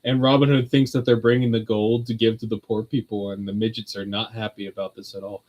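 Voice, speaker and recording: A man's voice: on the low side, flat delivery, a little fast, darkish tone, dull audio. A man hosting a streamed religious talk, rambling through his points in a casual, conversational way and laughing often. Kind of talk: casual chat.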